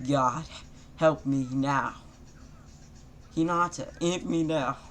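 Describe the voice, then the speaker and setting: A man doing a brash young ninja, rough and loud. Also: fairly high pitch, slow pace, a little hiss or hum. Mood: pleading. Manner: shouty bursts, loose rhyming.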